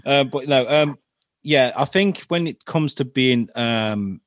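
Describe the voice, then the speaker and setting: A British man hosting a podcast, relaxed and affirming, telling anecdotes in casual chat. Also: mid-range voice, takes it slowly, no room sound, clean studio sound. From Britain. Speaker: podcast host.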